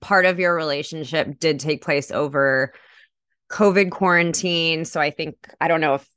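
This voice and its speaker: A woman podcast host speaks in a notably low voice, framing thoughtful, empathetic questions. Her sound is dry and close, with no room around it. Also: normal speed, fairly bright tone, smooth, dry recording. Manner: empathetic, thoughtful questioning with "you know" fillers. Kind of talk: interview conversation.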